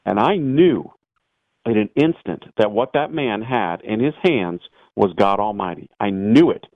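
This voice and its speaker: Lively priest telling a story over a phone line. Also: male voice, on the low side, unhurried, dry recording. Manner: animated storyteller, voices the people in his tale. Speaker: priest guest. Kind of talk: storytelling testimony. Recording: tinny dry phone line.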